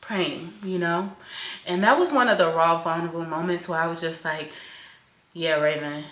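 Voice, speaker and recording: A woman's voice: on the low side, normal speed. Candid, swearing young woman venting. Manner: candid and emotional, swears often, swings from loud to soft. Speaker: vlogger. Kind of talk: raw confessional venting to camera. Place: home kitchen, in doors. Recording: echoey room.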